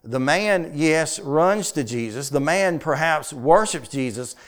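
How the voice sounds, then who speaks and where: A man leads a conversational sermon, pausing to ask his congregation questions. His voice sits slightly high and rings clear and smooth. When he reads scripture he slows down and leans on each phrase. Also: expressive. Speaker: preacher teaching a Bible study.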